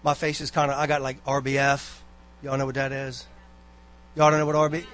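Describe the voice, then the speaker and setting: A man's voice: mid-range voice, completely flat delivery, brisk, a bit bright. A man giving a rambling, folksy exhortation to a church congregation, full of asides and personal stories. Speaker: church member giving a talk.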